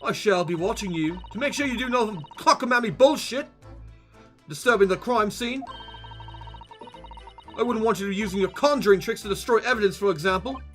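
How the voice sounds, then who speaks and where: Guy doing a snooty british detective, bad fake british accent, high bright voice. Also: animated, moderate pace, long pauses, soft background music. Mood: suspicious. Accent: put-on British, deliberately bad. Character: haughty British gentleman detective, suspicious.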